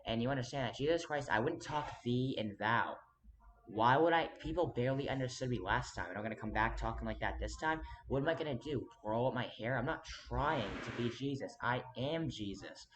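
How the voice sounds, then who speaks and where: A man's voice: mid-range voice, lively intonation, fairly quick. A man in a rambling to-camera monologue, earnest and insistent, talking straight to the viewer and jumping between thoughts with restarts. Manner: rambling, restless, frequent restarts and sudden emphatic jumps. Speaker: vlogger.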